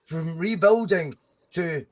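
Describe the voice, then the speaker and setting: A Scottish man co-hosting a casual football podcast, talking in an animated, rambling way and swearing freely. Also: on the high side, slow. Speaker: podcast co-host.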